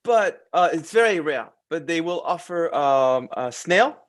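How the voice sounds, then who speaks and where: A man's voice: fairly high pitch, lively intonation, a little slow. A man from France hosting a casual livestream chat, speaking hesitantly with many fillers. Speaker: host of a French learning community.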